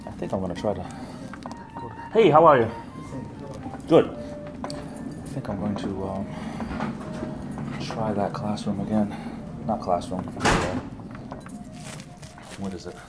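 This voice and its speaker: A man's voice: low-pitched, steady tone, measured pace, long pauses, music in the background. A man from the East Coast chatting casually on a livestream while he walks around at work, rambling and answering his viewers. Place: large building at work, walking around.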